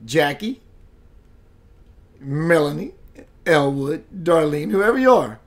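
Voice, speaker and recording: Speaking slowly with long pauses, the man has a slightly high voice and lively intonation. He hosts a spiritual web radio show as a casual livestream chat, playfully greeting viewers by name and laughing often.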